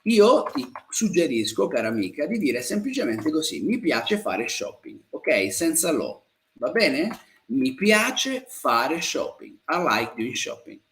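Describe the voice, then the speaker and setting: A man from Italy with an Italian accent, teaching Italian in a live-streamed lesson, repeating phrases slowly and staying upbeat and positive. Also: on the high side, big pitch swings. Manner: slow, drawn-out model phrases repeated for learners.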